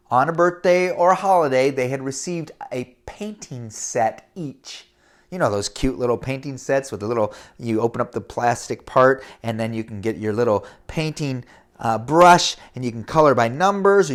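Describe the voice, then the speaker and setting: Man, children's storyteller, very animated pitch, talks straight to kids. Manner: animated, addresses the children directly. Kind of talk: reading a children's story aloud.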